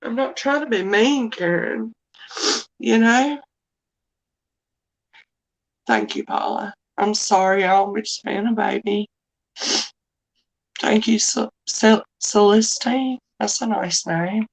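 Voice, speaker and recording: On a loose live chat, a middle-aged woman with a drawl and a mid-range voice speaks slowly with vocal fry and long pauses. She rambles, apologizes a lot, and sounds emotional, like someone who wears her feelings openly, over a low-quality recording.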